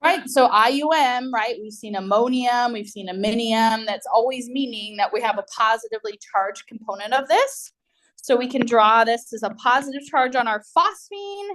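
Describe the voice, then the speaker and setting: A woman with a somewhat high voice delivers a recorded university chemistry lecture. She explains in a loose, conversational way, pausing on fillers and often checking in with the class. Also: fairly bright tone.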